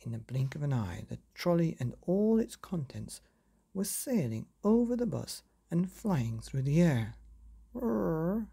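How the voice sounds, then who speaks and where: A man hosting a bedtime story podcast, reading a children's chapter gently and playfully, with sound effects. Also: fairly high pitch, big pitch swings, unhurried, creaky, husky.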